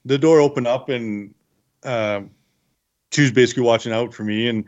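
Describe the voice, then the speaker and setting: A man's voice: mid-range voice, moderate pace, darkish tone, muffled recording. A man telling his survival story to interviewers in a rambling, good-humored way. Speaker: interview guest, bear attack survivor. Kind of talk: casual storytelling.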